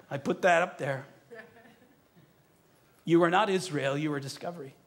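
A male pastor preaching in a church with a notably high voice. He urges his congregation to speak along with him, stretching out key phrases and pressing hard on each one. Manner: leads the congregation in a call-and-response recitation; emphatic, urging, drawn-out phrasing. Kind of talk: sermon. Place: church sanctuary.

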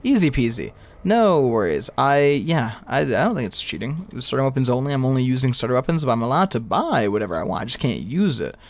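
A man's voice: mid-range voice, very animated, fairly quick. A young man giving rambling live commentary over his own gameplay, talking to himself and breaking into exasperated outbursts. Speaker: gaming video creator.

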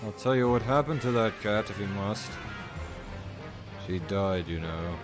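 A man's voice: lowish voice, animated, measured pace, music in the background. A man voicing a cocky, sarcastic male cartoon ally in a parody fan dub, with hesitant filler. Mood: dry.

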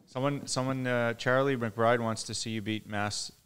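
A man with an average pitch co-hosts a live Q&A. He reads out viewer questions and slips in dry, teasing remarks. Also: steady tone, normal speed, fairly bright tone, clear, resonant tone. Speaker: co-host reading viewer questions. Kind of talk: live Q&A, casual chat.

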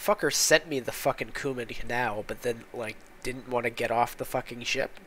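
A man's voice: mid-range voice, normal speed, bright, forceful tone, a little hiss or hum. A man hosting a casual gameplay commentary, muttering in frustration with lots of swearing as he plays. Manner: profane, exasperated muttering. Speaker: gaming channel host.

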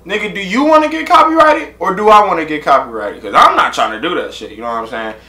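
Young male reaction-vlog host, bright voice, loose slangy banter, echoey room. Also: high voice, animated, quick pace.

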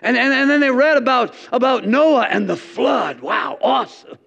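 High-voiced gravelly male pastor preaching. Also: moderate pace. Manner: animated, folksy storytelling with repeated starts. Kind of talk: sermon. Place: church. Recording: dull lo-fi recording.

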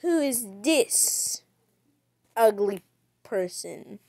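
A woman streamer giving chatty commentary on a game as she plays, breaking into sudden loud, excited outbursts. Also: fairly high pitch, drawn-out words, creaky, dry recording. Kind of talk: gaming livestream commentary.

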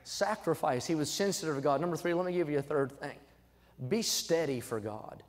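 Young guy preaching, higher voice, goes quiet then shouts it out, long church echo. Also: brisk. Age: young adult. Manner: emphatic, swings from low asides to loud exhortation. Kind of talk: sermon. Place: church sanctuary. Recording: church sanctuary with long reverb.

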